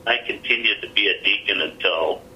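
Plainspoken man with a bright voice. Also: low-pitched, fairly quick, slight background noise, rough recording. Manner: earnest, plainspoken storytelling. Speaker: interview guest. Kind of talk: telling a personal story.

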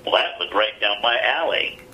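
A man's voice: fairly low pitch, expressive, normal speed, bright, forceful tone, rough recording. A middle-aged man, an interview guest, telling a personal story in an earnest, plainspoken way.

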